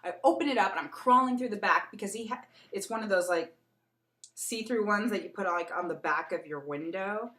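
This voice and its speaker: Young woman vlogger, chatty and animated, mid-pitch, recorded in a roomy home space. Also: a little fast. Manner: chatty and animated, with laughs while storytelling. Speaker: beauty vlogger. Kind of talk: casual get-to-know-me vlog. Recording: echoey room.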